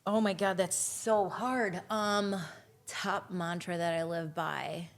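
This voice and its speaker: A woman's voice: fairly low pitch, fairly even intonation. A woman guest on a podcast, chatting candidly in a goofy, off-the-cuff way. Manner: goofy, candid, talks in quick bursts. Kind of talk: casual chat.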